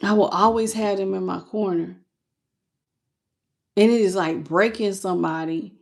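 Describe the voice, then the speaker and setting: A woman's voice: mid-range voice, normal speed, vocal fry. A woman giving a casual tarot reading to camera. She talks straight to her viewers in loose slang and sounds moved by what she is reading. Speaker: tarot reader.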